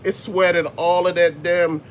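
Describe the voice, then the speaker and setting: A man's voice: high voice, little pitch movement, measured pace, slight background noise. A man hosting his own commentary video, ranting bluntly with plenty of profanity and emphatic jabs. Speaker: host.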